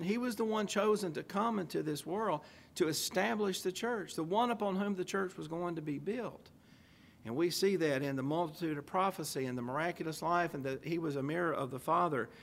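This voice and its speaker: A man's voice: fairly high pitch, fairly bright tone. A man preaching a sermon, reading old-style scripture aloud with emphasis and asking rhetorical questions. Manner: emphatic, stressing key phrases.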